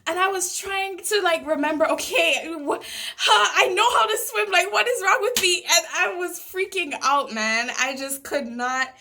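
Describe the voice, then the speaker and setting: A young woman chats through a casual storytime, her voice sitting high and sounding crisp and bright. She tells it with drama, often breaking into laughter along the way. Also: moderate pace. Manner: animated, dramatic retelling with laughs. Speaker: vlogger.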